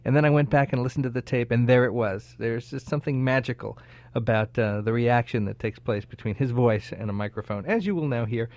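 A male radio host introduces the next interview in a plain, conversational way. The recording is close and dry, with no room sound. He speaks at an even middle pitch. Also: brisk, no room sound, lo-fi sound.

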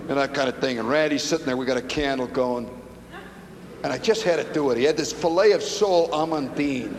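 A man telling a comic story live before an audience, animated and mimicking the people in it. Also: on the high side, brisk, in a large hall, crowd noise. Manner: animated, mimicking voices, building to punchlines.

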